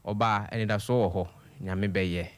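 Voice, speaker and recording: A man's voice: on the low side, steady tone, a little slow. A man, co-hosting a radio show and reading listener comments aloud in casual banter. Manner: reads comments aloud in a mix of Twi and English.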